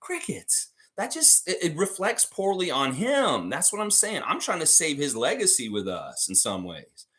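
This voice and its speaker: A man's voice: on the high side, very animated, moderate pace, a bit bright. A man hosting a live sports fan stream, ranting heatedly about coaches, swearing and laughing as he talks.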